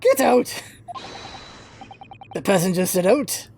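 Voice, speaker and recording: A woman plays an angry male ship passenger who barks at intruders to get out. The voice is put on gruff and mellow, swinging widely in pitch. Soft music plays faintly underneath the fan game voice-over. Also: very animated, brisk, close to an everyday voice. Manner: barking, hostile.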